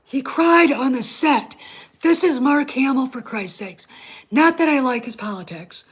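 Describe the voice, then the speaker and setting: Slow, husky-voiced woman ranting. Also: sits high. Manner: blunt, profane, ranting; talks straight to a live chat audience. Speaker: host of her own online show. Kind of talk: casual livestream rant.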